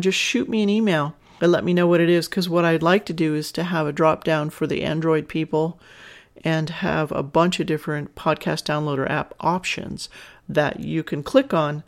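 A woman hosting her own podcast, talking to listeners in an enthusiastic, frank way and laughing easily. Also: deep voice. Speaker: podcast host. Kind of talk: casual solo podcast talk.

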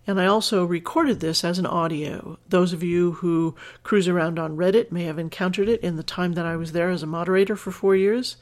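Emotional, earnest woman podcast host. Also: fairly low pitch. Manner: emotional, earnest, laughing through tears. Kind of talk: podcast reading listener letters.

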